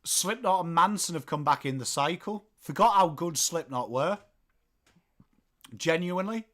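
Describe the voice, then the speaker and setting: A man with a Northern English accent hosting a live football watchalong, calling the play and chatting with viewers, swearing casually and shouting at big moments. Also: on the high side, expressive, normal speed. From England. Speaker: livestream host.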